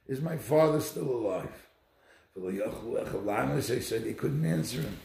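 A man giving a Torah lecture, telling stories in an animated, emphatic way, recorded in an echoey room. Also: medium pitch, normal speed, gravelly. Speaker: Torah teacher.

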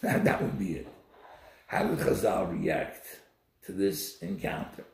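A man giving a Torah lecture, telling stories in an animated, emphatic way, recorded in an echoey room. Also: low-pitched, unhurried, creaky. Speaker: Torah teacher.

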